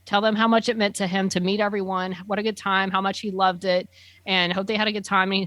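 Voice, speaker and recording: A woman's voice: medium pitch, flat delivery, quick pace, a bit bright, dry recording. A woman chatting casually, telling an enthusiastic story full of fillers like "um" and "like". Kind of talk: casual chat.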